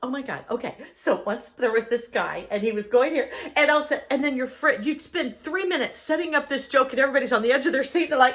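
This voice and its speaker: Enthusiastic woman, lively bouncing pitch. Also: fast talker, few pauses. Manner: enthusiastic, animated storytelling. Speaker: host. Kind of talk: casual chat.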